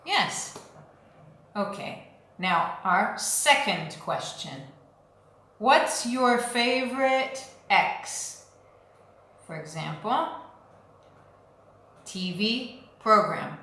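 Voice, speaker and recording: A woman teaching English at a very slow, deliberate pace, patiently drilling short phrases for learners to repeat. Her voice sits at an ordinary pitch, and the recording has a heavy, boomy room echo. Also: animated, bright, forceful tone. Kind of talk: slow, clear language lesson. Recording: very echoey room.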